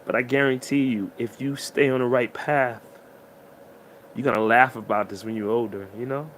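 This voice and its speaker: A man's voice: mid-range voice, steady tone, moderate pace, fairly bright tone, slight background noise. A man giving an emotional, preachy motivational monologue straight to the listener. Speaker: motivational speaker.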